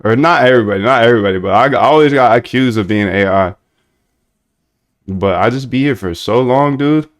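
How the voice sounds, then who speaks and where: A man's voice: mid-range voice, brisk. Laid-back slangy young man streaming. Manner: laid-back slangy banter with chat, shifts between flat monotone and lively bursts. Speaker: trading bot streamer. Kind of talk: casual live-stream coding chat.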